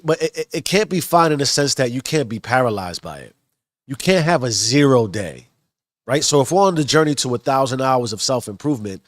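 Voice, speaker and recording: A man's voice: mid-range voice, dry recording, studio quality. A married man with children talking in a casual motivational monologue, earnest and rambling with many restarts. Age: adult, married with children. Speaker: self-improvement vlogger.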